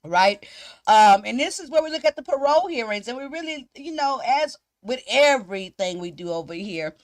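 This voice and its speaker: A woman hosting a casual livestream, chatting with viewers in a giggly, animated way. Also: high-pitched, normal speed, no echo. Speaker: livestream host. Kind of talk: casual live-stream chat.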